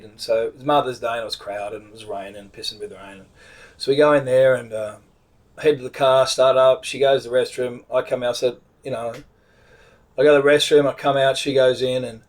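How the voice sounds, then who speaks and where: A man's voice: mid-range voice, fairly even intonation, normal speed. A middle-aged Australian man casually retelling a road trip story, rambling, with many restarts. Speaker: vlogger telling a travel story.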